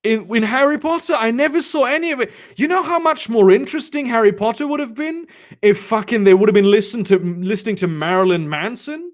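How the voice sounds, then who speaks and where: This young man's voice is extremely high and a little fast as he live-streams a fanfiction reading from his home in Germany. Between passages he swears, makes sarcastic remarks and animated asides, and talks with his viewers.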